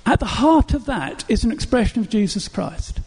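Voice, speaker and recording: A man preaches with emphatic storytelling. His voice sits high for a man but sounds mellow and a little husky. A long reverb rings around him in a large hall. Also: sing-song, moderate pace. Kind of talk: sermon.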